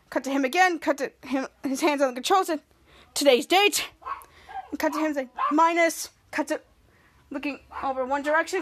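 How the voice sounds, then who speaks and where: A woman's voice: high voice, fairly bright tone, a little hiss or hum. Woman quoting a terse young superhero.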